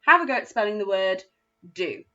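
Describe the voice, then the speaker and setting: A woman with an English accent teaching a phonics lesson to young children, spelling words out slowly and praising their efforts. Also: mid-range voice, big pitch swings, sharp tone, dull audio. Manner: slow, clearly spelled-out words with encouraging praise. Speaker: primary school teacher.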